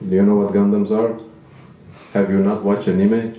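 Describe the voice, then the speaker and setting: A man's voice: lowish voice, big pitch swings, slow pace, pauses often, dark tone, distant mic, highs cut off. Self-deprecating man doing stand-up. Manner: self-deprecating, rambling with restarts. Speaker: stand-up comedian. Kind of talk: stand-up comedy set. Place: small venue with audience. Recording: echoey room, mic from afar.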